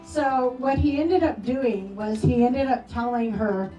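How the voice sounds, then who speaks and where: A woman telling affectionate, animated stories about a late friend at a memorial, acting out quoted lines. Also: fairly high pitch, measured pace, hardly any pauses. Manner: animated storytelling with playful quoted voices. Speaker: memorial speaker. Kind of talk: eulogy storytelling. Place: memorial gathering hall. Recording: roomy echo, distant from mic, soft music.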